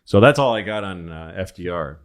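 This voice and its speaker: Rambling man telling stories, low voice. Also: lively intonation, a little fast. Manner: rambling storyteller, acts out quoted voices, swears. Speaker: podcast co-host. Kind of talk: casual comedic chat.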